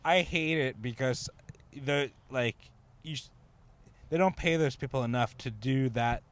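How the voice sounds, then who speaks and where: A man's voice: mid-range voice, a little slow, a bit bright. A man co-hosting a podcast, telling a story in a rambling, laughing way with lots of fillers. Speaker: podcast co-host. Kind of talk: casual storytelling chat.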